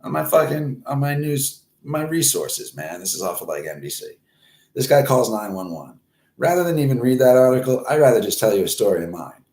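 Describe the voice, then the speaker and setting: A man in his forties who hosts his own show and tells a rambling, profane story, swearing constantly and getting animated when he acts out scenes. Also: mid-range voice, brisk, reverberant. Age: 40s. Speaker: host. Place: Florida, United States.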